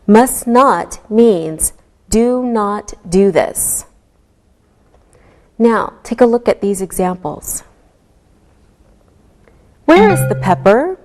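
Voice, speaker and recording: A woman teaching an English grammar lesson, speaking clearly and deliberately to her students. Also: fairly high pitch, mellow. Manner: slow, clearly enunciated teaching voice. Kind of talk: slow classroom instruction.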